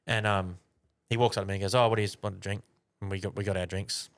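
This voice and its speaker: A young man with a fairly low voice, spinning a rambling yarn as a podcast co-host. He swears constantly and keeps it loose and conversational. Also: steady tone, fast talker, clear, resonant tone. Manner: swears a lot, rambling anecdote. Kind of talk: casual storytelling chat.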